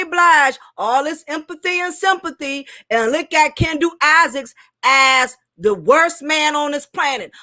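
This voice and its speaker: A woman's voice: high-pitched, sharp tone. A woman giving a casual, opinionated commentary monologue, emphatic and repetitive, her speech a little thick from recent dental work. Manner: emphatic, opinionated, repeats herself. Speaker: commentary host.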